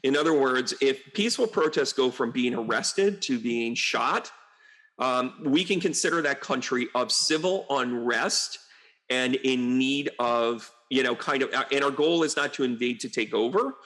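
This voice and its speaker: A man's voice: mid-range voice, a little slow. A man, a psychic medium, rambling through casual commentary full of asides and exasperated outbursts. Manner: rambling and animated, with frequent asides and mocking quotes. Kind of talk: casual political commentary monologue.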